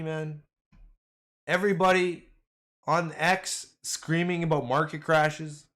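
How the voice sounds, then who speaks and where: A man chatting casually through a trading livestream, rambling and excitable, calling his viewers "boys" and "man". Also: a little high, slow pace, long pauses. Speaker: stock trading streamer. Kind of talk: casual livestream chat over charts.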